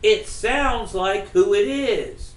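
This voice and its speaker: A man's voice: high voice, takes it slowly. A man voicing the blunt, teasing ghost of an old baseball star calling on the phone, in an echoey room.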